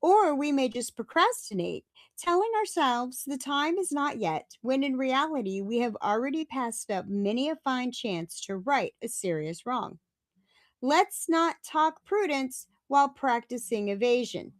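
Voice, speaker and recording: Woman, middle-aged, chatty and digressive, fairly high voice, dry close sound. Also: very animated, a little slow, dry recording. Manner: chatty, digressive, talks to viewers as y'all. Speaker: recovery meeting host. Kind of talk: casual livestream talk. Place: home. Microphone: webcam or phone camera.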